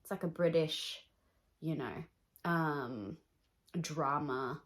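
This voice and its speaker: Woman beauty vlogger, slightly low voice, blunt and chatty get-ready-with-me delivery. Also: slow pace.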